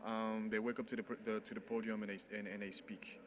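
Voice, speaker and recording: Man doing a halting sound check. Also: fairly low pitch, flat delivery, slight background noise. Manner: halting, with many restarts and fillers. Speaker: event organizer testing microphones. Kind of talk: casual sound-check talk. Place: conference hall at the lectern. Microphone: lectern microphone at a distance.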